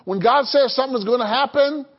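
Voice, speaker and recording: A man with a very high voice preaches quickly as a pastor, calling out to his congregation and prompting them to answer back in call-and-response style. The recording has its highs cut off.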